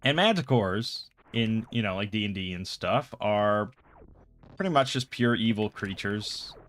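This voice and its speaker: A man's voice: on the low side, lively intonation, measured pace, a bit bright, a little hiss or hum. A man hosting a casual chat show, retelling a game session in a rambling, exasperated way. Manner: rambling, exasperated storytelling with many fillers. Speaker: podcast host.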